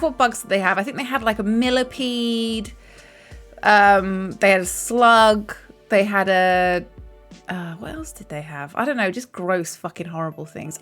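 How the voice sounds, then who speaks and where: A woman's voice: medium pitch, a bit bright. Chatty woman streamer, rambling. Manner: chatty, rambling, swears casually. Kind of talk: casual chat to a live stream.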